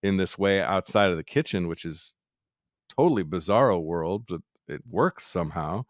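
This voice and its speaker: Really deep voiced guy rambling and second-guessing himself, dry close sound. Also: animated, moderate pace, no echo. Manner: reflective, rambling, self-questioning. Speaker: chef. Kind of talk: candid podcast conversation.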